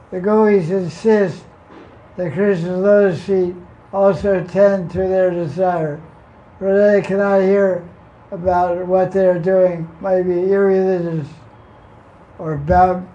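A man reading a devotional text aloud and then adding his own informal commentary, unhurried and often repeating words as he goes. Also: high voice, warm tone, dull audio. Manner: unhurried, repeats words and restarts, homely examples. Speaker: spiritual teacher reading and commenting on scripture.

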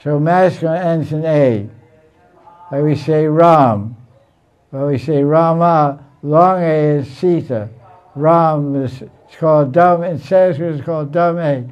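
A man's voice: fairly high pitch, unhurried, a little mellow, lo-fi sound. A man teaching a Sanskrit class in a blunt, teasing way, often repeating himself. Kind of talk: informal classroom lecture.

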